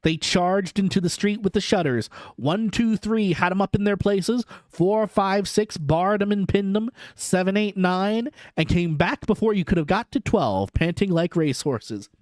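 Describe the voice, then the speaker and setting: A man's voice: sits high, expressive, normal speed, few pauses, darkish tone, no room sound. A man streaming a live storybook reading, narrating expressively into a close microphone.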